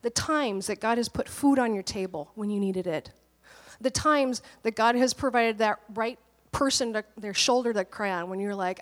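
A woman's voice: on the high side, moderate pace, in a large hall. A woman pastor preaching in a conversational, storytelling way, often laughing as she talks. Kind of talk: conversational sermon.

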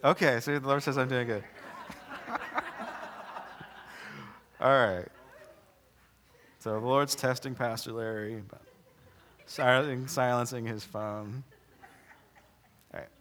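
Pastor, male, conversational sermon with jokes, drawn-out dramatic scripture reading. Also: medium pitch, steady tone, a bit bright. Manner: casual, joking asides between slow dramatic scripture reading.

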